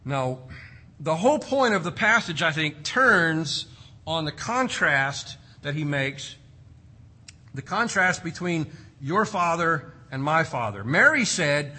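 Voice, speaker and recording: A man's voice: on the high side, very animated, a little slow, sharp tone, husky, low-quality recording. A man preaching an expository sermon, emphatic, asking rhetorical questions and stretching out key words for stress.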